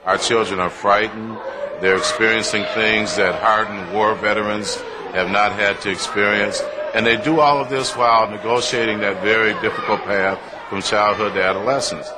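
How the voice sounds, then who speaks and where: A man with a lowish voice speaks seriously and with concern. Heavy ambient noise fills the background. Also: steady tone, normal speed. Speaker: interviewee. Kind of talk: documentary interview.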